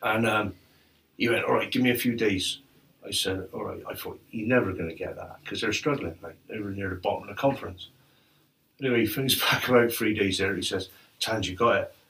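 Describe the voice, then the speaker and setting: A middle-aged man telling animated football stories in casual chat, laughing often. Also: fairly low pitch, fairly quick. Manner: laughs often, animated anecdotes, quotes others. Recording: distant mic with faint noise.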